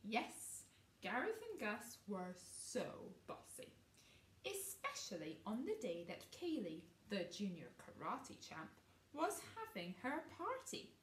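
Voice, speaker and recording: Slow, lively-voiced woman reading to kids. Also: medium pitch. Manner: gentle, asking the listener questions. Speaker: storybook reader. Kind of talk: reading a picture book aloud to children. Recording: roomy, distant mic, faint noise.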